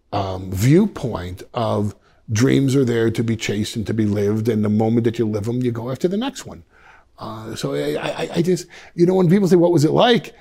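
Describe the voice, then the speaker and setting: A man in his fifties from Westchester, New York, speaks as a podcast guest, with a gravelly, fry-tinged voice at an ordinary pitch. He tells stories animatedly, restarting his sentences often and slipping into quoted voices. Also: mellow. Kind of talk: reflective storytelling in a podcast interview.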